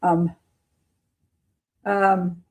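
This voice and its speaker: A woman's voice: on the low side, flat delivery, drawn-out words, a little mellow. A woman hosting a live show as a criminal profiler, thinking aloud as she answers viewers in a skeptical, questioning way, often restarting sentences and chuckling. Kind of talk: live-stream commentary answering chat.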